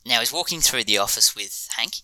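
Enthusiastic man, bright dry voice. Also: mid-range voice, expressive, a little fast, dry recording, poor audio. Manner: enthusiastic, laughs often, frequent ums. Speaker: podcast co-host. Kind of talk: casual chat reviewing a TV episode.

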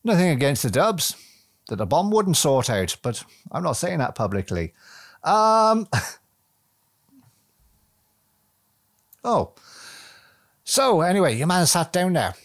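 A man rambles through a solo podcast, chatty and loose, with casual swearing and self-mocking asides. His voice sits at an ordinary middle pitch. The sound is close and dry, with no room echo. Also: sing-song, brisk. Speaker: podcast host.

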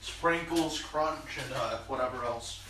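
A man's voice: medium pitch, a little slow, sharp tone. A young man hosting a casual chat, rambling with lots of fillers and restarts. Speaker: podcast host. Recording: roomy, distant mic with background noise.

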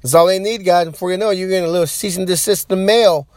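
A man's voice: sits high, rapid-fire, darkish tone, no echo. A man hosting a podcast, rambling loosely in casual chat and talking straight to his listeners. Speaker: podcast host.

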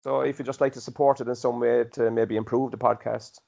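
A man's voice: mid-range voice, level tone, gravelly, warm tone, dull audio. A man with an Irish accent co-hosting a podcast in casual, teasing banter. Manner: rapid, teasing, dry. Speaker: podcast co-host.

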